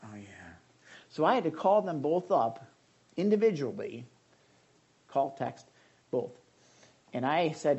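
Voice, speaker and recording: A man's voice: fairly high pitch, expressive, measured pace, long pauses, warm tone, husky, lo-fi sound. A male pastor giving a conversational sermon, calling on listeners by name.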